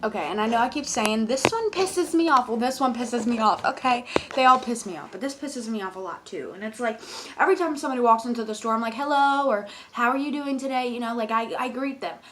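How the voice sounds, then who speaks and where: A woman's voice: fairly high pitch, fast talker, noisy background. A young woman who works as a cashier, ranting casually and profanely about customers with exasperated emphasis. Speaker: convenience store cashier.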